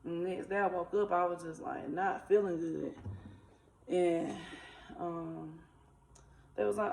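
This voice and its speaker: A woman, telling a personal faith testimony in a casual, animated, conversational way. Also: lowish voice, normal speed, vocal fry. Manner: animated, conversational, uses dialect. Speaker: spiritual vlogger. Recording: echoey room, faint ambient noise.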